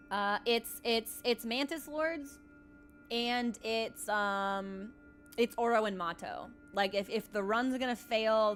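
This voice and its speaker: A woman streamer chats casually to her viewers in a slightly high voice. She tells her stories in an animated way, leaning on "like" and small laughs. Soft game music plays faintly under her talk. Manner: chatty, animated storytelling with laughs and filler "like". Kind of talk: casual live-stream chat.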